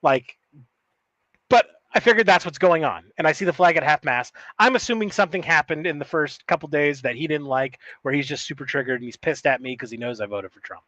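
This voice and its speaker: A man's voice: a little high, fairly quick, a bit bright, no room sound, muffled recording. A man co-hosting a podcast, telling a long story in a rambling, profane, casual way with many restarts. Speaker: podcast co-host.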